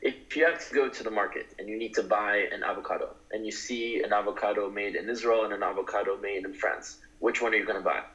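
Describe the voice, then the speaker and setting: A man's voice: lowish voice, steady tone, fast, few pauses, a bit bright, dull audio. A man being interviewed, talking earnestly and building to passionate, emphatic declarations. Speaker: guest advocate. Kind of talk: interview talk.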